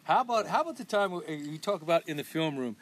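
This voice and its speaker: A middle-aged man tells old football stories in a quick, high voice and slips into the voices of his old coaches. He swears freely and keeps things animated. Faint room noise sits under him. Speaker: podcast host. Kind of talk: casual storytelling among old friends.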